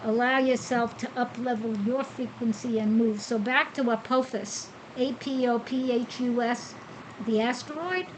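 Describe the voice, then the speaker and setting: Chatty high-voiced woman podcast host. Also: a little hiss or hum, poor audio. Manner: chatty, rhetorical questions and answers. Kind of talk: casual spiritual podcast talk. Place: Costa Rica.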